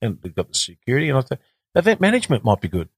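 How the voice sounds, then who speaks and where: An Australian man in his fifties, a former cricketer telling stories as a guest in casual, animated talk with repeats and restarts. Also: mid-range voice, racing, husky, no echo, studio quality. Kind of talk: casual storytelling.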